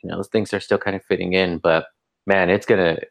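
A man's voice: low voice, fairly even intonation, fairly quick, creaky. A man co-hosting a podcast in casual chat, telling loose, profane stories full of fillers. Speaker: podcast co-host, school principal.

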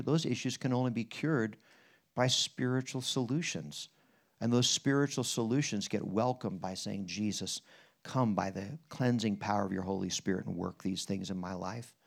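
A man's voice: fairly low pitch, normal speed, vocal fry. A man from Pennsylvania preaching at a church conference, telling a story in a folksy way and then leading the listeners in prayer. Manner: animated, jumps between quiet and loud in retelling, folksy asides; leads the room in prayer, asks listeners questions. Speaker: guest preacher.

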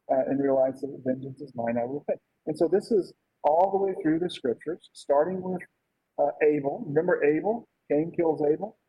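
Husky-voiced man preaching, dull lo-fi sound. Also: fairly high pitch, no echo. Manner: informal, asks "right?" often. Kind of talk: conversational sermon.

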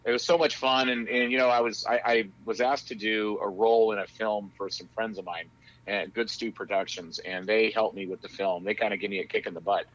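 A man in his fifties, a guest talking casually about his films and music in a rowdy, loud-mouthed, profane way. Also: fairly low pitch, steady tone, a little fast, muffled recording. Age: 50s. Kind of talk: casual interview chat.

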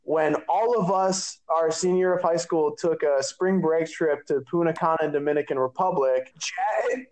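A man's voice: on the high side, moderate pace, darkish tone. A young man co-hosting a casual chat with friends, explaining context and steering the topic. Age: young adult. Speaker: podcast co-host.

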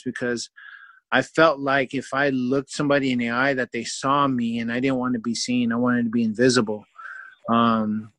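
Man telling a story, animated and self-mocking, bright voice, dry sound. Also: mid-range voice, no echo. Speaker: guest storyteller. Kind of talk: personal storytelling.

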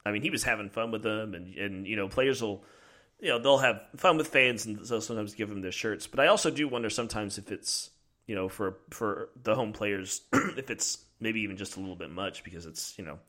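A man's voice: lowish voice, fairly quick, fairly bright tone. A man hosting a casual discussion, thinking aloud and posing questions hesitantly.

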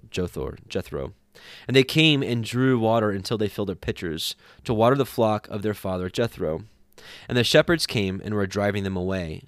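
A man reading scripture aloud at a steady pace, sometimes correcting himself. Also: on the low side, no echo, clean studio sound. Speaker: scripture reader.

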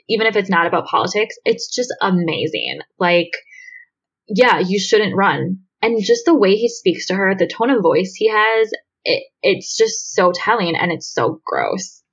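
A woman's voice: medium pitch, slightly rough, dull audio. A woman co-hosting a casual podcast, blunt and exasperated, who swears freely while reacting to a TV episode. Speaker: podcast co-host. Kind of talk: casual chat.

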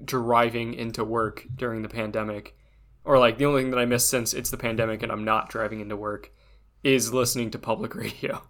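A man co-hosting a podcast, talking in an animated way and getting heated when he argues a point. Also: mid-range voice, a little fast. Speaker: podcast co-host. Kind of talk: casual chat.

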